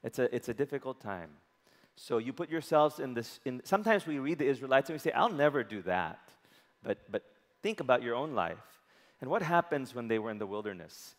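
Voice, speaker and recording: A man's voice: medium pitch, lively intonation, brisk. A man preaching a sermon, often asking the congregation questions and waiting for answers. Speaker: pastor. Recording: long hall reverb.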